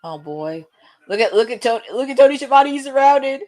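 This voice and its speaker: Lively chatty woman reacting live. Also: a little high, fairly quick. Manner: chatty, laughs often, reacts excitedly. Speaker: watch-along host. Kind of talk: live wrestling watch-along commentary.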